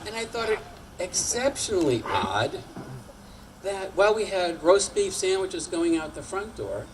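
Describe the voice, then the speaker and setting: Older male storyteller, sixties, wry and chatty, slightly high voice, faint hiss behind. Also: lively intonation, a little slow, rough recording. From Massachusetts. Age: 60s. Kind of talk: personal storytelling on stage. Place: community storytelling night before an audience.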